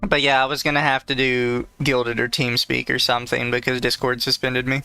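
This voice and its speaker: A man's voice: mid-range voice, flat delivery, fairly quick, creaky, bright, forceful tone, clear, resonant tone, faint music behind. A man co-hosting a podcast in casual chat, joking and laughing often over a remote call. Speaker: podcast co-host.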